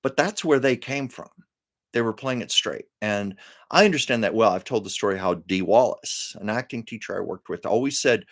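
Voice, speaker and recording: Chatty man with a lowish voice. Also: lively intonation, normal speed, fairly bright tone. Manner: chatty, laughs often, drifts between asides. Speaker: host. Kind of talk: casual storytelling chat. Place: at home, live stream.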